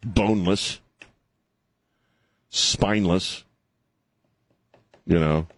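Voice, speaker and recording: A man's voice: low voice, extremely slow, dry recording. A man hosting a radio talk show, rambling and sarcastic, chuckling as he riffs. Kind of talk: casual talk radio banter. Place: radio studio. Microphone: studio microphone.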